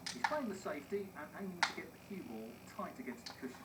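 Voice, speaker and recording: A man voicing a snooker commentator in a video game, giving calm, measured broadcast commentary. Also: a little high, noisy background.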